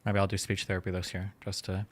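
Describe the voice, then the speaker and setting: A man chatting on a livestream, talking in a fast, rambling way, with a slight lisp on his s sounds. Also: deep voice, monotone, a little hiss or hum. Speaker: streamer and commentator. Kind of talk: casual chat on a livestream.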